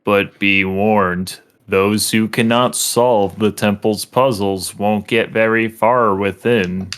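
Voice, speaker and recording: A man voicing a stiff, formal temple gatekeeper in a deliberately monotone voice. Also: medium pitch. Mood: flat.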